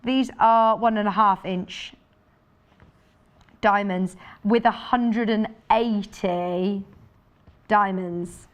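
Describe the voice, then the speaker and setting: A woman's voice: medium pitch, steady tone, extremely slow, pauses often. A woman presenting sewing products on a live shopping channel, chatty and enthusiastic, thinking aloud as she demonstrates. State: out of breath. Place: TV studio.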